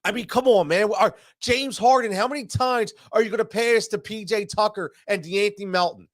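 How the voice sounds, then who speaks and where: A high-voiced man hosts a sports show, ranting heatedly after a loss at a normal pace, stammering, restarting and repeating himself. He sounds stuffy from allergies, and the studio-quality recording has no echo.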